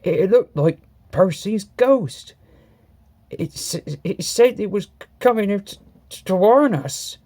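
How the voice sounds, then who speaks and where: An earnest old tram engine, played by a male reader, pitched up and lively in his telling. He speaks plainly and sincerely, and his voice carries a storybook warmth. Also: takes it slowly, exaggerated voice. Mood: shaky. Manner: earnest, stammers when frightened.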